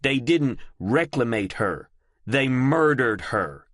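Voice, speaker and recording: A steady young man talks in a cool, even way, with a lively lift to his phrasing, as the narrator voices him. The sound is dry and close to the mic. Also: medium pitch, takes it slowly, no echo, pitched above the performer's own voice. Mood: grim. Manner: calm, firm, even. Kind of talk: audiobook character voice.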